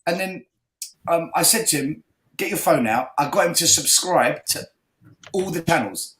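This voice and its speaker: A man hosting a fan call-in show, telling a lively, swearing story in casual chat. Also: on the high side, normal speed, echoey room, rough recording.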